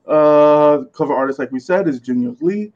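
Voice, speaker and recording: Guy on a comics podcast, kinda high voice, laughs a lot reading credits, dull lo-fi sound. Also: moderate pace, a little mellow. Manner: laughs often, reads credits with stumbles. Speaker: podcast co-host presenting comics. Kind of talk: casual podcast chat.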